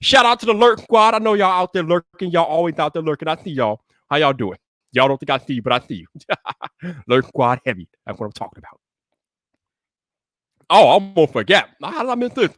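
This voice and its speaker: A man hosting a tech live stream in casual chat, hyping it up playfully and shouting greetings to his chat. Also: on the high side, expressive, brisk, no echo, studio quality.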